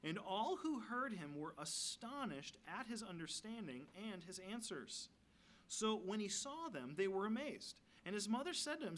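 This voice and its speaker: A man's voice: high-pitched, sing-song, normal speed, a bit bright. A man giving a guest sermon, reading scripture aloud and adding casual, humorous asides. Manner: conversational, asides and light humor between readings. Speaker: guest preacher.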